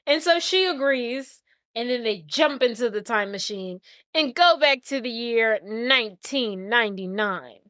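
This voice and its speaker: A woman co-hosting a podcast, retelling movie scenes in an animated way and acting out the characters' lines. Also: fairly high pitch, measured pace, no echo, studio quality. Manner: animated, acts out characters' lines with big swings. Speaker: podcast co-host. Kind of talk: casual chat recapping a movie plot.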